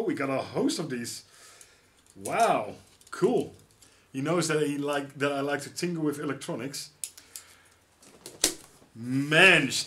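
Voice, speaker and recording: A middle-aged man with a Dutch accent unboxing gifts in a casual vlog, exclaiming often with excitement. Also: medium pitch, slight background noise. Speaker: YouTuber.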